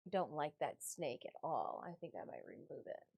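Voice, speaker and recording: A woman's voice: low-pitched, very animated, normal speed, creaky, darkish tone, slightly rough, no room sound. A woman from Michigan chatting casually on a live stream, sometimes cooing baby talk at her cats.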